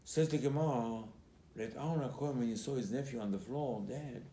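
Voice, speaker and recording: A man who is a rabbi, giving a Torah class as an animated storyteller who acts out quotes and repeats his key points. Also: medium pitch, brisk. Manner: emphatic, repeats key phrases. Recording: roomy recording with faint background noise.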